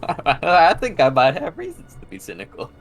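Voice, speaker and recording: A man's voice: fairly high pitch, wildly swooping pitch, normal speed, a bit bright, faint music behind. A man playing a tabletop game, joking and wry about his character's chances. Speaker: player. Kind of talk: casual tabletop game play.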